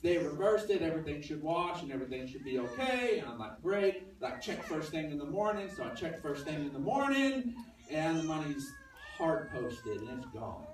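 Male pastor, conversational storyteller, voices the other people in the story. Bit high-pitched. Very reverberant sanctuary, faint noise behind. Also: very animated, normal speed. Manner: conversational storytelling, acts out dialogue. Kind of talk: sermon with personal story. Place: church sanctuary. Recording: very echoey church from a distance.

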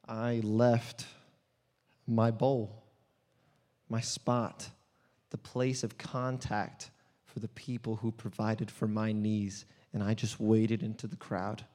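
An actor playing an earnest, desperate blind male beggar in a dramatic first-person monologue, swinging between hushed and loud storytelling. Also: lowish voice, flat delivery, takes it slowly. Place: church hall. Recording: long church hall reverb.

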